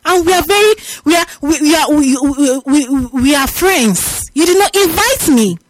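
A woman's voice: high voice, animated, moderate pace, no echo. A woman hosting a radio prank call, teasing and exclamatory with sing-song repetitions. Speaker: radio host. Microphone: studio microphone.

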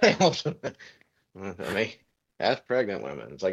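A man with a low, husky voice co-hosts a podcast in relaxed chat. His pitch swings widely as he throws in quick, jokey remarks. The recording sounds dull and lo-fi. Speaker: podcast co-host. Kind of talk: casual conversational chat.

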